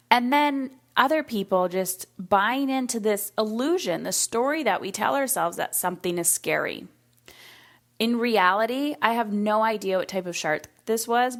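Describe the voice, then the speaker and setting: A woman's voice: mid-range voice, fairly bright tone. A woman hosting a solo podcast in a casual, reflective way, acting out the voices of people she quotes. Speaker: podcast host.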